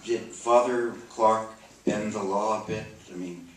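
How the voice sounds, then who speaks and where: A man's voice: fairly low pitch, steady tone, unhurried, slight background noise. A man interviewing a guest on stage, putting leading questions and speaking straight to the audience. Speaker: interviewer and moderator. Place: theater stage before an audience. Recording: echoey hall, mic from far off.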